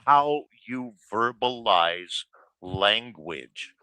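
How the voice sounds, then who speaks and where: A man's voice: lowish voice, lively intonation, very slow, sharp tone, clear, resonant tone, no room sound, rough recording. A man on a livestream panel, lecturing and scolding emphatically in a heated debate. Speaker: panel guest.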